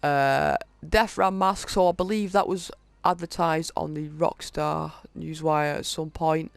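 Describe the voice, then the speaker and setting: Brief: male gaming host, slightly high voice with gravelly fry, reads item lists haltingly, casual walkthrough tone. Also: fairly even intonation, no echo. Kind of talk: casual game walkthrough commentary.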